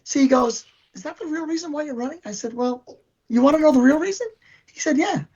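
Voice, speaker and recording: A man's voice: very high voice, fast talker, a little mellow. An older man, chatting as an interview guest and telling long boastful stories in a rambling way. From New York. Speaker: band member, guest. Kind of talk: casual chat. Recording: dull lo-fi recording.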